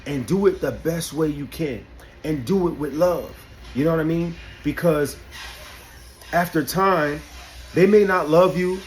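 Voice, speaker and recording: A man's voice: on the high side, measured pace, slight background noise. A man from Albany giving an unscripted motivational talk, emphatic, often asking "you know what I'm saying". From Albany, New York. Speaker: barber and vlogger.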